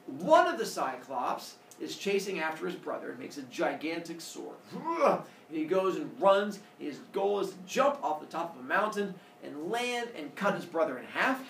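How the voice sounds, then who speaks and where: Male storyteller, lively myth telling, asks listeners questions, very expressive pitch, roomy echo, distant mic. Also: moderate pace, gravelly, hardly any pauses, slight background noise. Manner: animated, quizzes listeners as he goes.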